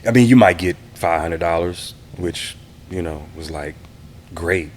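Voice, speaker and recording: A man in his fifties from the Houston area, telling relaxed stories as an interview guest and acting out what people said. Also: deep voice, measured pace. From Houston area, Texas. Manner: relaxed, reminiscing, acts out quoted voices. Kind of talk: casual interview storytelling.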